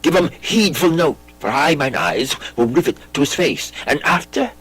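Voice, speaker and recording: A man reading a classic play aloud, voicing a brooding, intense young prince with lively theatrical delivery. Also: on the high side, normal speed, breathy edge, full character voice, rough recording. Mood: earnest. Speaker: audiobook reader.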